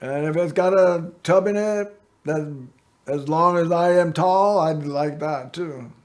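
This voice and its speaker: A man's voice: on the high side, measured pace, a little mellow. A middle-aged man hosting a local access TV show, telling rambling personal stories to the camera in a folksy, meandering way. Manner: folksy, meandering storytelling with frequent "you know" and "anyway".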